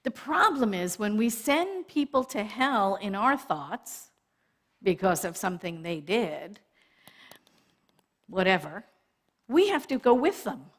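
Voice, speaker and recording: Animated woman minister giving a sermon. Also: mid-range voice, slow, long pauses. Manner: animated, laughing often, asks the congregation "right?".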